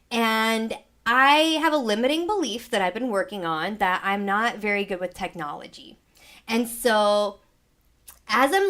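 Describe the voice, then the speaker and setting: A woman's voice: on the high side, fairly bright tone. A young woman hosting a live sound healing session from her home studio, chatting casually and rambling as she acts out her own past thoughts while still recovering from an illness. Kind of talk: casual chat to a live audience.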